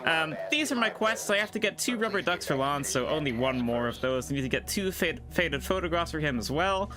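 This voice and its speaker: A man's voice: a little high, expressive, a little fast. A man chatting casually while streaming a game live, rambling and thinking aloud at his desk microphone. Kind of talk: casual live gameplay commentary.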